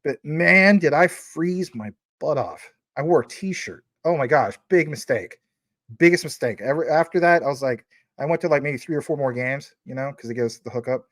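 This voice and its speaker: A man's voice: on the high side, normal speed, a bit bright, no room sound, clean studio sound. A man hosting a casual livestream, reading out viewer super chats in a chatty, rambling way and giving names a playful emphasis.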